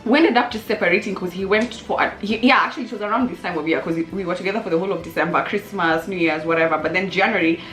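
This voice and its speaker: A young woman and channel host telling a funny story casually to camera, animated and lively, jumping into high exclamations. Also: rapid-fire, few pauses. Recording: roomy echo with faint music.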